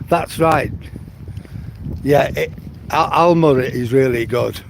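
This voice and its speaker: Unhurried man in his seventies. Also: medium pitch, gravelly, background noise. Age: 70s. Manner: unhurried rambling chat, answers viewers' comments. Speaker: live-stream host. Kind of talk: casual walk-and-talk live stream. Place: outdoors, rural coast.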